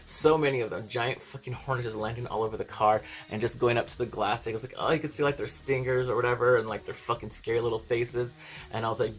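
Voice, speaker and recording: A man's voice: mid-range voice, fairly bright tone. A young man vlogging, telling a rambling story in a casual, profane way and often laughing. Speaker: beauty vlogger.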